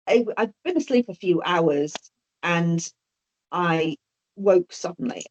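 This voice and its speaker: A woman's voice: lowish voice, a little mellow. A woman telling a personal story as an interview guest, hesitant and often repeating or restarting her words. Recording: dull lo-fi audio.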